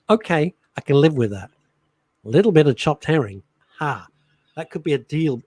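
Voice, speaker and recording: A middle-aged man co-hosting a radio show, chatting and teasing his partner in a joking, animated way. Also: fairly high pitch, moderate pace, slightly rough, dry recording. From England. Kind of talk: casual chat radio show.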